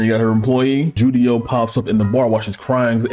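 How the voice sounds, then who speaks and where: A man's voice: medium pitch, fairly even intonation, fast, a little mellow. A male host talking through an anime review in a loose, crude, slang-heavy way. He keeps breaking into laughing asides between his jokes, and faint music plays underneath. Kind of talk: casual review commentary.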